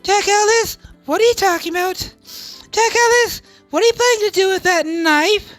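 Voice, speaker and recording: Woman voicing a high, stammering, lovestruck girl who is dangerously obsessive, for a game dub. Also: moderate pace, no echo, soft background music. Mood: panicked. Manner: breathless, pleading, stammering. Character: obsessive lovestruck young woman wielding a machete.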